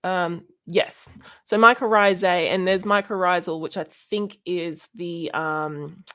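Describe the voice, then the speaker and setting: A woman's voice: on the low side, steady tone, slow pace, bright, forceful tone. A young woman with an Australian accent, chatting casually on a livestream about science and rambling with many fillers. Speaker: streamer.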